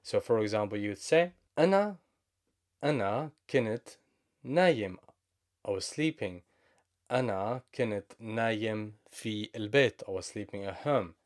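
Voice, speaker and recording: Lower-voiced man teaching Arabic. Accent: Levantine Arabic. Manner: explains slowly, switching between English and Arabic examples. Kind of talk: language lesson.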